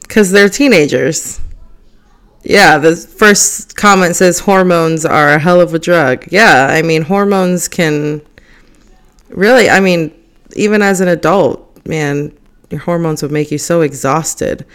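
Woman, young adult, solo podcast host, casual chat, animated, frequent laughter. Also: low voice, slow pace. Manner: chatty and animated, laughs often. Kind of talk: casual solo chat, reading forum posts aloud.

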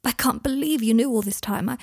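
A woman's voice: fairly high pitch, fairly quick, husky, no room sound, clean studio sound. Draco, a woman voicing a flustered young man. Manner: flustered, swearing under his breath. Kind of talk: fan fiction reading.

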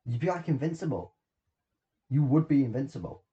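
A man co-hosting a casual podcast, eager and jumping between topics, with excitable bursts. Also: mid-range voice, a little fast, muffled recording. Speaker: podcast co-host. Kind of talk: casual chat.

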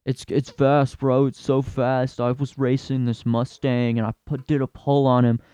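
A cocky young car bro who can't stop bragging about his tuned-up ride, as a man puts him on in a comedy rant. He repeats himself and calls everyone bro. The voice sits mid-pitch and comes through smooth and clear in a dry, close recording. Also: level tone, moderate pace, warm tone, dry recording, close to an everyday voice. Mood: boastful. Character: boastful young male car-tuning bro.

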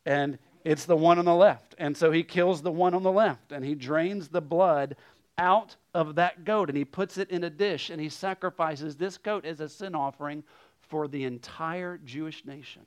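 Animated male preacher, higher voice. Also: normal speed, smooth. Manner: animated storytelling, swinging from loud to hushed. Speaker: guest pastor. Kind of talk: sermon.

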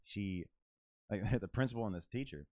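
A lowish-voiced man on a podcast, talking casually and recounting a story in long, rambling runs packed with "like" and swearing. The sound is dry and close, with no room around him. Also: normal speed, a little mellow, dry recording. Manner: rambling, filler-heavy, profane storytelling. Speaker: podcast co-host.

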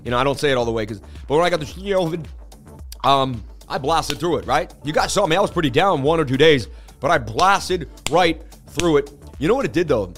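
A man's voice: fairly high pitch, expressive, a little fast, a bit bright, soft background music. A man hosting a crypto livestream, telling rambling stories in casual slangy chat and saying "dude" and "man" a lot.

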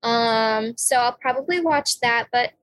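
A young woman co-hosting a podcast, chatting casually and reacting with quick interjections. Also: fairly high pitch, a bit bright, dry recording, soft background music, rough recording. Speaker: podcast co-host. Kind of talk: casual chat.

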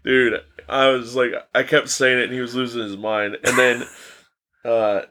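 Man, crude casual chat, profane storyteller, bright voice. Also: mid-range voice, level tone, a little slow. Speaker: podcast co-host.

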